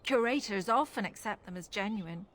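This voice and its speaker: A woman voicing a pious, thoughtful chantry relic curator in a fantasy video game, speaking in an earnest, measured way with an Irish accent. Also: mid-range voice, animated, fairly bright tone, lightly acted.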